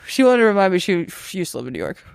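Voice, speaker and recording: A woman's voice: medium pitch, sing-song, racing, creaky, clean tone, no echo, clean studio sound. A young woman with a Boston accent, a comedian guest chatting casually, laughing often and swearing freely. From Boston area. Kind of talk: casual podcast chat.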